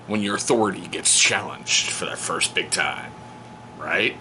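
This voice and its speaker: Animated joking man vlogging at home. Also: low-pitched, moderate pace, noisy background. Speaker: vlogger and stepfather. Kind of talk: casual storytelling to camera. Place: home on a cold day. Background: heater running.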